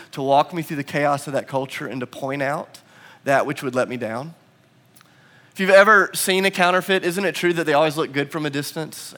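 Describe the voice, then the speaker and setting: Storytelling male pastor, higher voice. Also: fairly bright tone. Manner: storytelling, self-deprecating, builds to emphatic repetition. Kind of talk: sermon.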